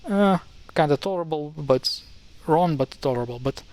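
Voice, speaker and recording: Wry man explaining pronunciation, slightly high voice. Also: animated, normal speed, a little mellow. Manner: wry, mildly exasperated, many fillers and restarts. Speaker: language explainer. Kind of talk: casual screen-share tutorial.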